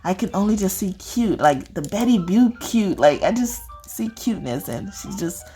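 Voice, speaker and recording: A woman's voice: mid-range voice, expressive, normal speed, dark tone, soft background music. A woman who reads spiritual messages, chatting casually to viewers in a rambling way, full of fillers and laughter. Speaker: spiritual reader.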